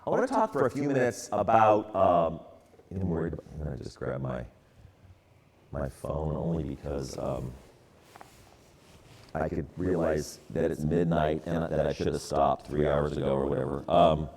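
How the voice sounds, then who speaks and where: A man in his sixties from the San Francisco area gives a relaxed, storytelling church talk, full of casual fillers. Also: a bass voice, moderate pace. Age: 60s. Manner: relaxed, conversational, many fillers. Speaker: church ministry speaker.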